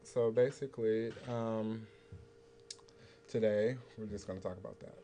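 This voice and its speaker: A man's voice: fairly low pitch, steady tone, measured pace, warm tone, a little hiss or hum. A young man co-hosting a youth talk show, laid-back and chatty, leaning on fillers. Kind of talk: casual talk-show chat.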